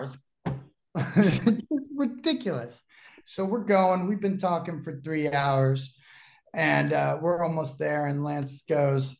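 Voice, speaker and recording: A man's voice: on the high side, expressive, measured pace. A man who is a pro wrestler, telling stories as a guest on a podcast, acting out the people in them and laughing often. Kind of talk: casual podcast storytelling.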